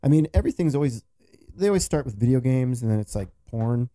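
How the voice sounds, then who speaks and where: A man's voice: medium pitch, animated, fast talker, dark tone, no room sound, studio quality. A man chatting casually with a friend while building something, joking and poking fun at his own work. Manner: joking, self-mocking banter. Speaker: co-host. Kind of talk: casual chat while doing a craft project.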